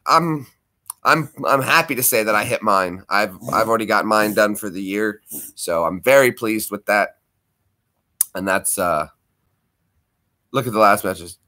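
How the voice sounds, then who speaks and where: A man's voice: fairly low pitch, unhurried, pauses often, pushed and bright. A man hosting a casual live stream from home, chatting with viewers, greeting them by name and laughing easily.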